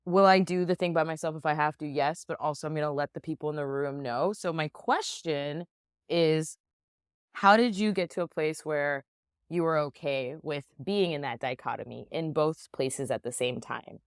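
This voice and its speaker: A woman's voice: deep voice, normal speed, clear, resonant tone, no echo, clean studio sound. A woman co-hosting a podcast, talking in a sassy, blunt, joking way. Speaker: podcast co-host. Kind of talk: casual podcast conversation.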